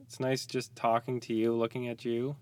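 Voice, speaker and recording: A man who is a parent, talking as a guest on a podcast in a small closet, tired, soft-spoken and halting, with joking asides. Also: medium pitch, monotone. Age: young adult to middle-aged, a parent. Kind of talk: casual podcast chat.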